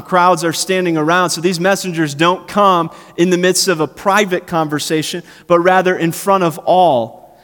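Brief: male pastor, sermon, high voice, conversational and animated delivery. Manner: conversational preaching, animated, acts out quotes. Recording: long hall reverb.

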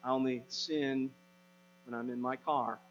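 A man's voice: mid-range voice, fairly even intonation, unhurried. Man, pastor, conversational sermon, muffled recording, faint mains hum. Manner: conversational storytelling, rising to emphatic preaching. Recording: dull, hum, long reverb.

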